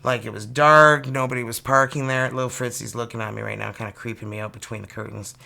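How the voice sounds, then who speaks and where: Chatty Canadian woman with a bright voice. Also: very deep voice, fast, creaky. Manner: chatty and animated, with many "like" fillers. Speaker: tarot reader. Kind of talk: casual storytelling to viewers. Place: home studio.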